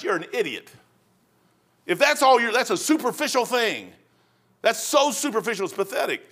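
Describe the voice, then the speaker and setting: A man preaching a sermon as pastor, telling stories in a folksy, conversational way and swinging between loud emphasis and hushed asides. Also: high-pitched, animated, moderate pace.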